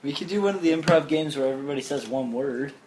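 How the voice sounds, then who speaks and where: A man's voice: a little high, fast. A man co-hosting a podcast, chatting casually with friends, laughing and bossing the others about the rules of a word game. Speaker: podcast co-host. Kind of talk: casual chat among friends. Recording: echoey room with noise.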